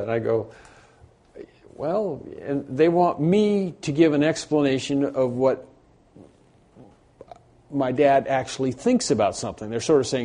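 Mellow-voiced man preaching a sermon. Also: medium pitch, a little slow, long pauses. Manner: unscripted preaching with restarts, rising and louder on emphatic points. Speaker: pastor.

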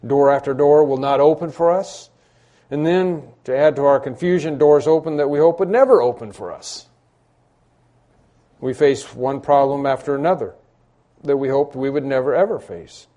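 A man's voice: medium pitch, moderate pace, warm tone. A man preaching a sermon, who acts out the cries and pleas of the people he quotes with rising intensity. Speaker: pastor.

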